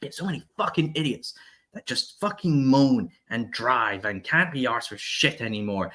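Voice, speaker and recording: A man's voice: medium pitch, animated, normal speed, sharp tone. A man, a wrestling podcast host talking bluntly and profanely, frustrated with the industry.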